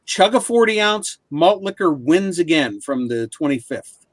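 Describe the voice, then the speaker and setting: A man's voice: fairly high pitch, very animated, measured pace, no echo. A man co-hosting a casual chat show, steadily guiding the talk from one segment to the next. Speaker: show co-host.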